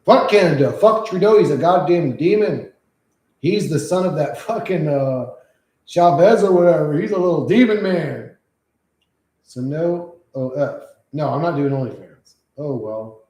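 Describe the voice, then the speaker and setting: Brief: mellow-voiced man, loose and profane livestream chatter, echoey room. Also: on the high side, lively intonation, measured pace. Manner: profane, rambling, reacts to chat. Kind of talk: casual livestream chat.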